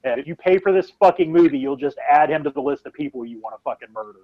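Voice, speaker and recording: A man ranting and cursing his way through a casual podcast chat. His voice sits a little high. The sound is dry and a bit muffled. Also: expressive, fast, no echo. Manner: emphatic, ranting, heavy swearing. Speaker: podcast co-host.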